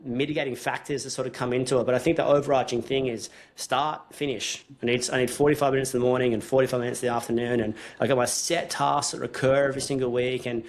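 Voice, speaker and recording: A man hosting a casual podcast chat, thinking aloud in long, rambling runs that restart mid-sentence. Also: medium pitch. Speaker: podcast host.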